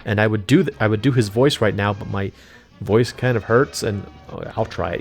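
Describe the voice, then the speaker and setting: A man's voice: lowish voice, brisk, gravelly, breathy edge, soft background music. Rambling, forgetful man narrating gameplay. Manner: rambling, forgetful, many fillers. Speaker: let's play host. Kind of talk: casual gameplay commentary.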